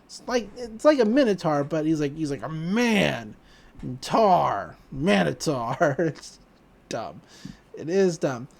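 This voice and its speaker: A woman's voice: deep voice, moderate pace. A woman hosting a podcast, casually recapping a cartoon episode with laughs and acted-out lines. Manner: animated, laughing, acting out quoted lines. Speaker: podcast host.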